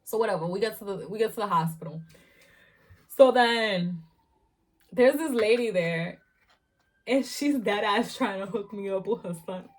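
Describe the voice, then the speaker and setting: A young woman vlogger in her twenties telling a storytime while eating, animated and profane with frequent laughter. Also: medium pitch, moderate pace, pauses often.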